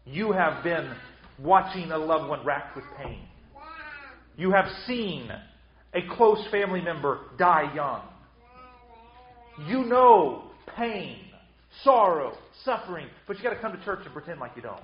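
A man's voice: fairly high pitch, lively intonation, a little slow, roomy sound, dull audio. A man preaching a sermon with emphatic delivery, often repeating words as he restarts. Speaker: pastor.

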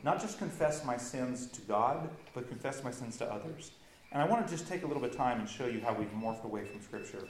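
A man's voice: mid-range voice, expressive, brisk, roomy sound, slight background noise, poor audio. A man preaching a sermon as pastor, earnest and emphatic, building intensity as he makes his points.

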